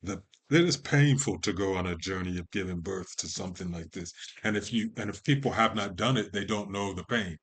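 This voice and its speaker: A man, a podcast guest, talking in a measured, poetic way and lingering on long lists of words. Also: sits low, fairly bright tone, husky. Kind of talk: slow reflective conversation.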